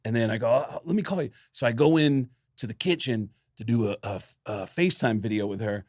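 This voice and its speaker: A man co-hosting a comedy podcast, an animated storyteller who acts out voices and swears freely in casual chat. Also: on the low side, brisk, no room sound, studio quality.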